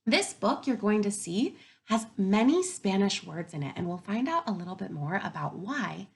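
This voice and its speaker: A woman teacher speaking to kindergarten children before a read-aloud, asking gentle, slow prompting questions. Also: medium pitch, sing-song, gravelly.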